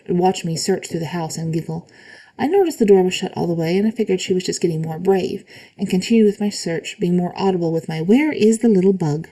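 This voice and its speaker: Calm woman reading spooky stories. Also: on the low side, low-quality recording. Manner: calm reading with short asides. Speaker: reader of online stories. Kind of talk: reading stories aloud with brief comments.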